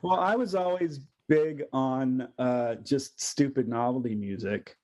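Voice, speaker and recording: A man's voice: mid-range voice, unhurried, darkish tone, soft background music. A man being interviewed as a guest voice actor, chatting casually, laughing often and slipping into voices.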